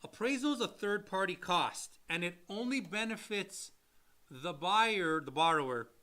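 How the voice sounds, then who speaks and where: A man co-hosting a podcast about loans, explaining in a blunt, animated way, with casual swearing and acted-out quotes of buyers and sellers. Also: high-pitched. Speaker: co-host and loan officer.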